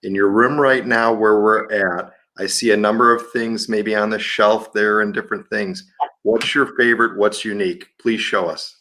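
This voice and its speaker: A man's voice: on the low side, steady tone, normal speed, sharp tone. Male host, upbeat and chatty, interviewing a guest over video call.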